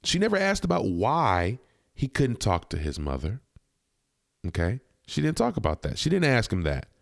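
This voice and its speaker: A man's voice: medium pitch, wildly swooping pitch, normal speed, gravelly, no echo, studio quality. A man hosting a podcast, giving blunt, indignant commentary on a video clip and swearing freely. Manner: blunt, profane, indignant, repetitive. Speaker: podcast host.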